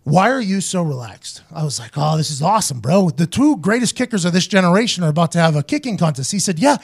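A man's voice: fairly high pitch, fast, gravelly, breathy edge. A man hosting a casual podcast, telling stories with lots of swearing and acting out quoted voices along the way. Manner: profane, animated storyteller doing quoted voices. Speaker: show host, former punter.

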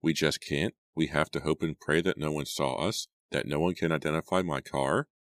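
A teenage girl weighed down by guilt, voiced by a man reading a storybook. She talks in a desperate murmur, in a very deep voice. The sound is close and dry. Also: fairly even intonation, normal speed, no echo. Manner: desperate, muttering.

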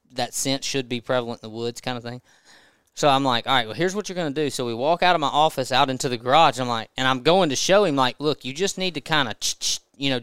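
Guy telling a funny story on a podcast, smooth voice, dry sound. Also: mid-range voice, no echo. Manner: animated, laughing storyteller. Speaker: podcast guest. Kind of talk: casual storytelling.

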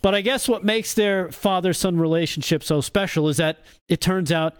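A man's voice: high voice, fairly even intonation, moderate pace, clear, resonant tone. A man hosting a satirical comedy segment, delivering mock-cheerful, mocking commentary with frequent laughs. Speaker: host of a political comedy segment.

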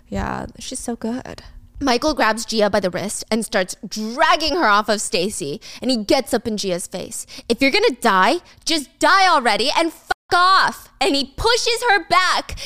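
A woman's voice: a little high, a bit bright, dry recording. A woman hosting a casual drama recap, chatty and blunt, with casual swearing. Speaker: host.

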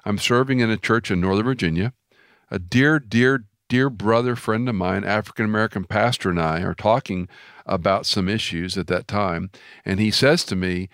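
A man's voice: lowish voice, normal speed, a bit bright, no room sound, clean studio sound. A man from Houston, Texas hosting an interview, talking emphatically and telling stories with quoted dialogue. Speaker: host. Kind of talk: interview conversation.

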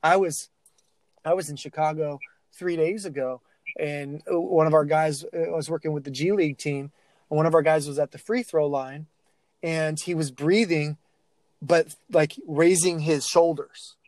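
Male podcast guest, raised pitch, lively storyteller, dry close sound. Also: moderate pace, no room sound. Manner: animated storytelling with many restarts and fillers. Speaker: guest, athlete mental-skills speaker. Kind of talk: casual podcast interview.

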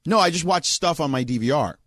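A man's voice: a little high, animated, fast, a bit bright, no echo, studio quality. A man co-hosting a casual chat show, talking loosely and rambling with lots of fillers. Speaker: co-host.

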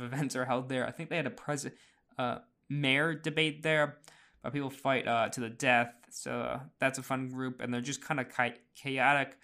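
A chatty man talking through a casual podcast recap at a middle pitch. He fills pauses with "uh" and restarts his sentences, and small laughs slip in. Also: pushed and bright. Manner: chatty, laughs often, many fillers and restarts. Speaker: podcast host.

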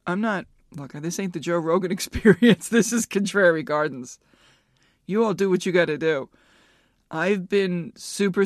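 A woman's voice: on the low side, no room sound, studio quality. A woman in her fifties hosting a solo podcast, rambling candidly and swearing freely as she thinks aloud. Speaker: podcast host. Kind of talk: casual solo podcast chat.

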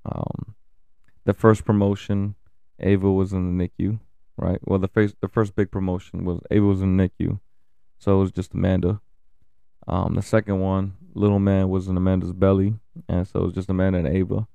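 A man in his thirties talking candidly about his family and kids, swearing often and pausing with fillers. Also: low voice, level tone, creaky, warm tone, clean tone, no echo. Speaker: father sharing family updates. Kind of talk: casual personal talk to camera.

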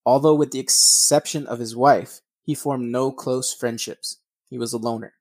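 A man's voice: medium pitch, steady tone, moderate pace, darkish tone, no echo. A man reading a true crime case aloud, breaking off for blunt, profane asides and stumbling over names.

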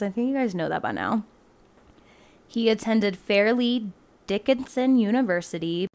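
A woman hosting a true-crime podcast, chatting loosely with many "like"s and laughs, then reading out case details. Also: fairly low pitch. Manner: chatty and loose, heavy use of "like", laughs often. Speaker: podcast host. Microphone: home laptop microphone.

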